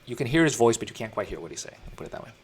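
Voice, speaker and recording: A man's voice: medium pitch, big pitch swings, rapid-fire, breathy edge. A man narrating as dungeon master in a tabletop game, talking casually with fillers and restarts.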